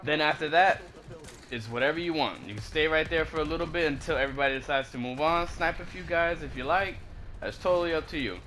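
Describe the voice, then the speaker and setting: A man's voice: on the high side, fast talker, sharp tone, slight background noise. A man casually commenting over a video game walkthrough, laid-back and slangy, drifting into rambling asides. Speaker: gaming commentator.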